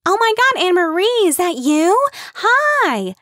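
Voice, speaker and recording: A woman's voice: mid-range voice, moderate pace, no echo, studio quality, lightly acted. Woman doing a breathless, gushing chatterbox. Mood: chirpy.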